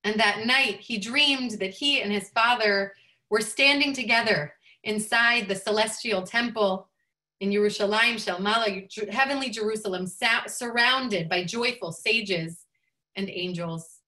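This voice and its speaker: A woman rabbi telling a teaching story in an expressive way, lifting her voice for quoted speech. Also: medium pitch, a little slow.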